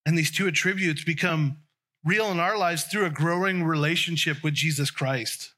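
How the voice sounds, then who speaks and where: A man's voice: on the high side, moderate pace, bright, forceful tone. A man preaching a conversational sermon, often restarting and trailing off mid-sentence.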